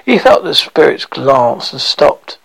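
A man reading a classic novel aloud, halting over words and restarting them. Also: fairly high pitch, very animated, vocal fry, fairly bright tone, husky, no echo, rough recording. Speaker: reader.

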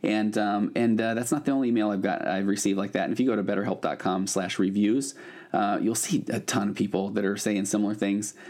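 A man's voice: on the low side, fairly even intonation, fairly quick, darkish tone. A middle-aged man hosting a podcast as a therapist, talking casually with fillers and restarts. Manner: conversational, with frequent fillers and restarts. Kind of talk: casual podcast intro and ad read.

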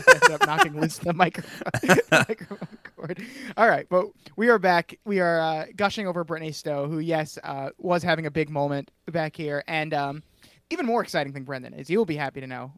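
A man hosting a TV recap podcast, recapping an episode in quick, giggly casual chat. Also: fairly high pitch, animated, a bit bright, no room sound, clean studio sound. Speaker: podcast host.

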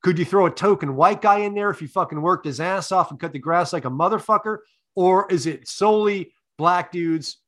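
High-voiced profane podcast host. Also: male voice, a little fast. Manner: deadpan, profane, leading questions. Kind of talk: comic interview.

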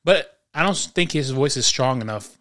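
A man of ordinary pitch co-hosts a casual podcast from his home. He rambles through anecdotes and opinions, stumbling over repeated words and pausing to clear his throat. His tone stays relaxed and conversational throughout. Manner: rambling storyteller with frequent restarts and throat clearing. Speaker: podcast co-host. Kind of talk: casual chat.

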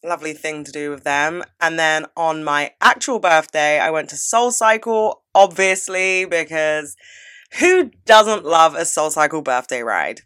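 A woman in her twenties, with a voice still lowered from a recent cold, chatting casually and gushing as she swears freely. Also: animated, a little slow, fairly bright tone, clear, resonant tone. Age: 20s. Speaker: podcast host. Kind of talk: casual advice and life-update chat.

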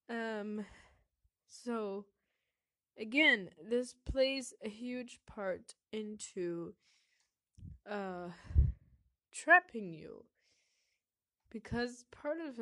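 A woman hosting a solo podcast, talking reflectively with many pauses and fillers while her voice is sick. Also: medium pitch, a bit bright, dry recording. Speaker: podcast host.

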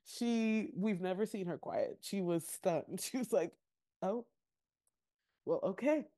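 With a medium-pitched voice at a measured pace, a woman co-hosting a podcast chats casually through a reality show recap. Her storytelling is lively, full of acted-out quotes and plenty of laughter.

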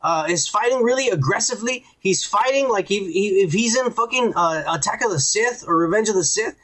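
A man co-hosting a podcast, ranting profanely in casual chat and acting out scenes in quick quoted voices. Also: sits high, lively intonation, fairly bright tone. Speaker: podcast co-host.

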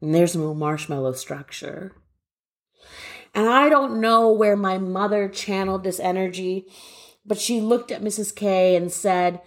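A woman's voice: mid-range voice, a little slow. A young woman who grew up in Canada, telling a funny childhood story with playful voices. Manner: lively comic storytelling with mock voices. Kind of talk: told personal story.

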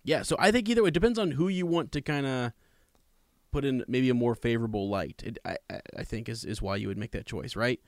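A man's voice: medium pitch, quick pace, no room sound, clean studio sound. A man in casual conversation about a book, talking in a rambling way with many restarts and emphatic asides. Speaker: podcast co-host discussing a book. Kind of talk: casual chat with read-aloud passages.

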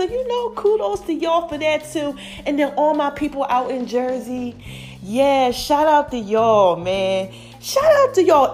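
Lively high-voiced woman podcast host. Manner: animated, chatty, calls listeners "y'all" and "baby". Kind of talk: casual monologue.

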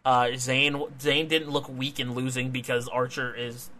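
A young man with a mid-range, unhurried voice co-hosts a wrestling podcast, recapping a match in casual, excitable chat. He swears and laughs often.

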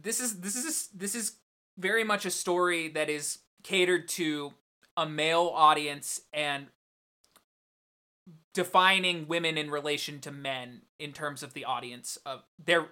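A woman's voice: low-pitched, a little slow, sharp tone. A woman co-hosting a podcast, arguing her points about a film emphatically, with some swearing. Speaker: podcast co-host. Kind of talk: casual film discussion.

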